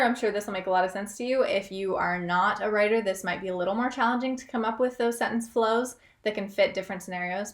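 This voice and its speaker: Young woman vlogger, chatty and upbeat, casual tips delivery, roomy echo. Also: mid-range voice. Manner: chatty, upbeat, self-aware asides. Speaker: freelance writer vlogger. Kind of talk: casual tutorial vlog.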